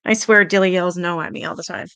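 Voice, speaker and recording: A woman's voice: fast talker, vocal fry, fairly bright tone, smooth, dry recording. A woman hosting a true-crime livestream who chats casually with her viewers and swears freely. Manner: chatty, swears freely, talks to her chat; coos at her cats in a high baby voice.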